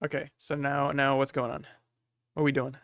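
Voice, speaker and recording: Halting man narrating a game, dry sound. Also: mid-range voice, flat delivery, gravelly, a bit bright, dry recording. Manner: halting, with many fillers. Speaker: game master.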